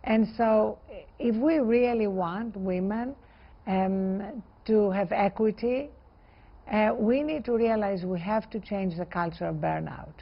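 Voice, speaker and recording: A woman with a gravelly, fry-tinged voice answers in a conversational interview. She speaks earnestly and with emphasis, in measured phrases. The sound is slightly dull and muffled. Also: medium pitch. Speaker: interview guest.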